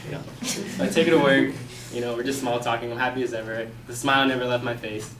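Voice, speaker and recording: A young man telling a personal story in a casual, animated way, acting out his own past lines. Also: mid-range voice, fast talker, noisy background. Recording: echoey room, mic from a distance.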